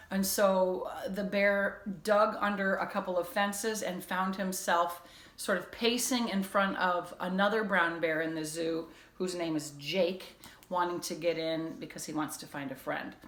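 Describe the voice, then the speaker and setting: A woman's voice: lowish voice, steady tone, measured pace, a bit bright. A woman teacher recapping a children's chapter book in a casual way and then reading it aloud expressively. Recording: echoey room.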